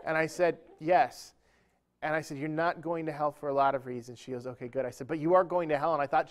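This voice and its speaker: A man's voice: fairly high pitch, quick pace, noisy background. A man speaking at a church event, telling a humorous, self-deprecating story within a sermon-style talk.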